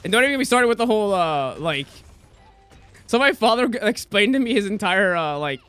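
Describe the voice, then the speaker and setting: A man's voice: sits high, lively intonation, a little fast, fairly bright tone, clean tone, no echo, soft background music. Ranting young male game streamer. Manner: ranting, profane, mimics people he quotes. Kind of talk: casual rant while streaming.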